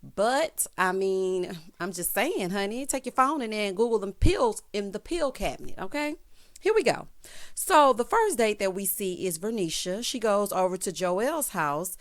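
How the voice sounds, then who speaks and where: A woman in her thirties recapping a reality show in a sassy, animated way, tossing in "honey" and "child" as she goes. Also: mid-range voice, moderate pace.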